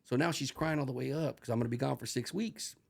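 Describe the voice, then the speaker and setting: Gravelly middle-aged man telling stories. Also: medium pitch, fast talker. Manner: profane, animated, acts out voices in anecdotes. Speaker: guest, retired corrections officer. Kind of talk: casual storytelling.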